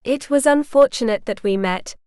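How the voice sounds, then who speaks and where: A woman voicing a proud, stubborn young noblewoman who speaks indignantly and with a sharp tongue. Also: a little high, moderate pace, clean tone, no echo, clean studio sound, natural voice.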